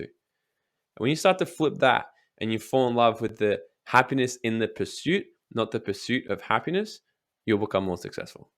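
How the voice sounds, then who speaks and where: A young man talks as an interview guest, driving home motivational points with emphasis and the odd curse. His voice sits at an ordinary middle pitch. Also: expressive, normal speed, a bit bright. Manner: emphatic, swears casually, acts out quoted voices.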